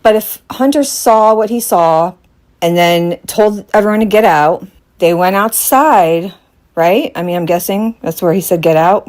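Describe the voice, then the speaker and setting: A woman hosting a live true-crime commentary stream, puzzling aloud over the details and asking her viewers questions. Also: medium pitch. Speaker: host.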